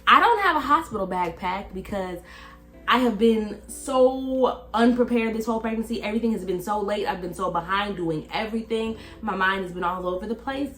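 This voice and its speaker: A woman's voice: medium pitch, moderate pace, fairly bright tone, faint music behind. Chatty young woman telling a story. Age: 20s. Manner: chatty and rambling, with many fillers like "like". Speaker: vlogger. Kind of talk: casual storytime to camera. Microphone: phone camera.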